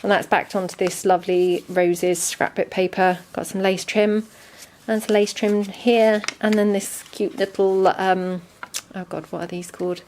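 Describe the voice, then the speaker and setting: A woman casually walking through a handmade junk journal, chatty and relaxed with frequent ums. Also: mid-range voice, measured pace, few pauses, slight background noise. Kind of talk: casual show-and-tell narration.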